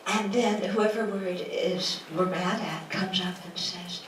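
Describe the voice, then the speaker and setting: This Buddhist teacher speaks with a fairly low pitch and a steady tone, unhurried and with few pauses. Her dharma talk in a lecture room includes rhetorical questions to listeners and playfully acted-out quotes. It was captured from afar in an echoey, noisy room.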